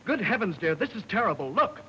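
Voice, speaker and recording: A man playing an excited, flustered newlywed husband in a 1930 film comedy sketch. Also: high-pitched, brisk, slightly rough, big-room sound, exaggerated voice, low-quality recording. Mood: alarmed.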